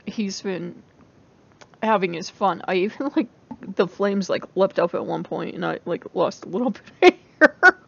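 A woman in a casual vlog, talking on and on, laughing through her exasperation. Her voice has a gravelly fry at mid pitch, and the recording sounds dull and lo-fi. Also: lively intonation, unhurried. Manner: rambling, laughs often, exasperated. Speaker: vlogger. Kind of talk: casual chat to camera.

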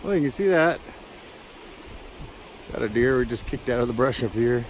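A prospecting vlogger with a medium-pitched, animated voice talks at a normal speed, chatting casually as he hikes and prospects along a mountain creek. He rambles in a laid-back way and sounds a bit winded. It's a rough handheld-camera recording made outdoors, with wind and the flowing creek audible behind him.

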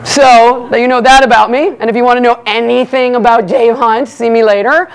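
A woman doing a brash stand-up monologue as master of ceremonies, teasing the crowd and talking fast. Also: on the high side, steady tone. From United States. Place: banquet hall before a live audience.

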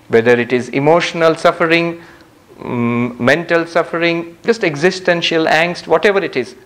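A man giving a spiritual lecture to a live audience in a community center hall, speaking calmly and reflectively, with gentle humor and long pauses. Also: on the high side. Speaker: spiritual teacher.

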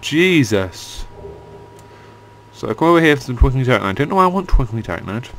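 A man's voice: mid-range voice, big pitch swings, fairly quick, a bit bright, a little hiss or hum. A young man giving casual let's-play commentary, grumbling and swearing when the game annoys him. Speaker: gaming channel host.

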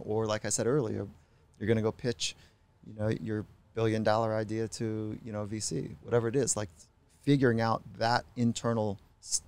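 A middle-aged man, a psychologist guest on a podcast, telling stories in a reflective, unhurried way. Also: on the low side, gravelly, a little mellow. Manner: reflective, unhurried, acts out quoted voices. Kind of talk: podcast interview storytelling.

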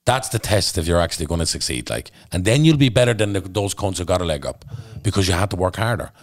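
Swearing freely, an Irish podcast guest with a Dublin accent gives a blunt, intense account of his story in candid conversation. His low-pitched voice is expressive and fast, and the studio-quality audio has no echo.

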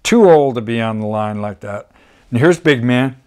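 A man's voice: mid-range voice, expressive, moderate pace, darkish tone, smooth. An older man, a documentary photographer, talking casually through his photographs with rambling, folksy asides. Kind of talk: storytelling slideshow talk.

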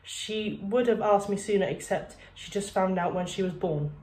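A woman voicing an anxious, excitable schoolboy who blurts things out and whines tearfully. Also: mid-range voice, normal speed, roomy sound, a little hiss or hum, lightly acted. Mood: excited.

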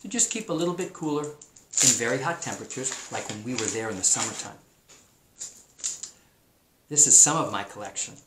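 A man's voice: medium pitch, animated, moderate pace, long pauses. A man teaching a remote class, talking in a chatty, enthusiastic way and drawing out words for emphasis. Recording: roomy echo, faint noise.

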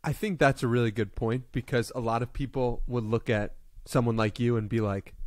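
A man hosting a podcast interview, asking calm, brief questions in a casual way. His voice sits at a middle pitch and is recorded close and dry. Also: normal speed, no room sound. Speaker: podcast host.

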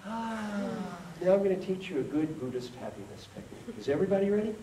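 A man gives a motivational keynote and leads the crowd in call and response. His pitch swings widely. He sounds distant in an echoey hall, over faint background noise. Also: very animated, very fast, warm tone. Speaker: keynote speaker. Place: conference hall with an audience.

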